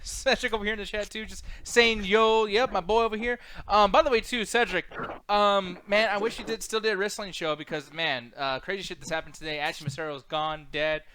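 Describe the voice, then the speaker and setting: A man chats on a gaming livestream in a quick, high voice with a bright edge. He swears freely and rambles through jokes as a co-host would. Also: smooth. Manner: profane, joking, rambling. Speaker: podcast co-host. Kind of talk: casual livestream banter.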